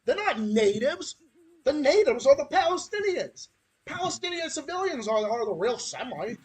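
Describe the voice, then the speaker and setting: A man's voice: very high-pitched, sing-song, normal speed, a little mellow. A man from Massachusetts with a Massachusetts accent, hosting a podcast in a heated, profane ranting style. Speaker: podcast host.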